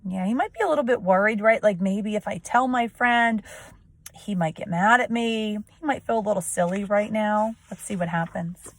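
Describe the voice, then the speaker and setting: A woman's voice: medium pitch, normal speed. A woman teacher reading a storybook aloud to children and explaining it, often asking questions and checking with "right?".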